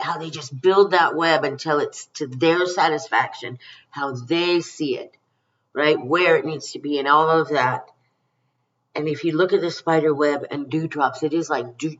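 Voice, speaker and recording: Middle-aged woman psychic, affectionate and rambling, dull slightly distant audio. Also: sits low. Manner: rambling, emphatic and affectionate, calls listeners honey and you guys. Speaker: psychic card reader. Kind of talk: spiritual card reading to camera.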